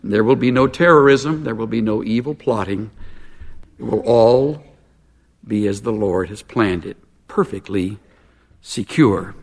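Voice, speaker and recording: A man preaching a sermon in an earnest, measured way, dropping low for emphasis. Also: darkish tone, big-room sound. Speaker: pastor.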